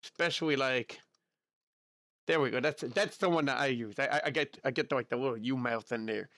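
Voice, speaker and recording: A man's voice: mid-range voice, brisk, a bit bright, dry recording, studio quality. A young man streaming casually, chatty and goofy, repeating himself and dropping in Japanese filler words, with a slightly tired throat. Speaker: virtual streamer. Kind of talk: casual livestream chat.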